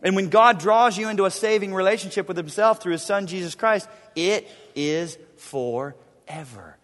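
A pastor preaching a sermon, emphatic and repetitive, swinging between loud stressed words and hushed low drops. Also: male voice, steady tone, quick pace, in a large hall. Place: church sanctuary.

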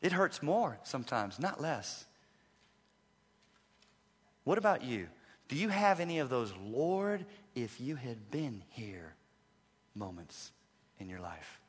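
A bright, high-pitched male pastor delivers a dramatic sermon. He presses hard on emphatic lines, then drops into hushed, slow passages. His voice rings with a long reverb in a large church hall. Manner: dramatic preaching, swings from loud emphasis to hushed low passages.

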